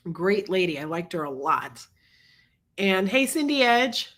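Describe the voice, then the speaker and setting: Sick lady on a livestream, stuffy and husky but bright, chatty, shouting out viewers. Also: medium pitch, big pitch swings, unhurried. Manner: chatty, greets viewers by name. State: sick, congested and coughing. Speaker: livestream host. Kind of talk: casual livestream chat.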